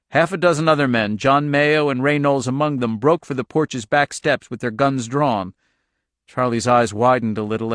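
A man reading a suspense novel aloud in steady, measured audiobook narration. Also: mid-range voice, dry recording, studio quality. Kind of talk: scripted narration.

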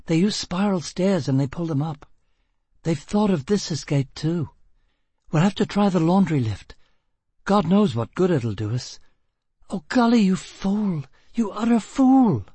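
A man's voice: a little high, expressive, unhurried, warm tone, breathy edge, no echo, voice pushed up. A man voicing a fierce young woman prisoner in an audiobook, raising his voice into an urgent, scolding register. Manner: urgent, scolding, half-whispered at times. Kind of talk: audiobook reading.

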